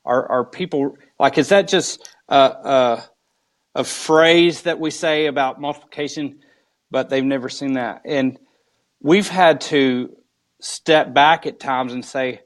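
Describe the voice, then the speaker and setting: Slow-talking pastor telling stories. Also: male voice, mid-range voice. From United States. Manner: slow, drawn-out storytelling. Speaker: lead pastor, guest. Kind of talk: live video interview.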